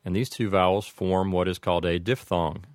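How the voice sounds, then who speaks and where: Man, very low voice, methodical pronunciation lesson, dry close sound. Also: steady tone, no echo. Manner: measured, methodical explanation with slow spelled-out examples. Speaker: language teacher. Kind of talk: explaining Latin pronunciation.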